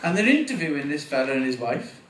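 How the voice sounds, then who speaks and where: A man's voice: on the high side, very animated, fast talker, slight background noise. A nervous man in his forties doing a rambling, sweary first stand-up set, chuckling at his own jokes. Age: 40s. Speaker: first-time stand-up comic. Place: small venue with live audience. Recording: echoey room recorded from a distance, faint ambience.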